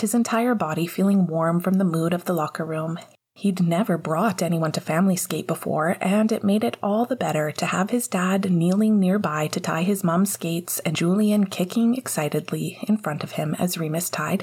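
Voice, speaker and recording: A woman narrating a novel chapter in a soft, half-whispered reading. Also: lowish voice, husky. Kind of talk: audiobook reading of fiction.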